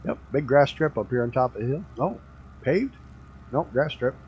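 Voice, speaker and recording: A man's voice: medium pitch, expressive, moderate pace, highs cut off, slight background noise. A man streaming a flight game, chatting casually and rambling through stories with the odd swear word. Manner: laid-back rambling storyteller, swears casually.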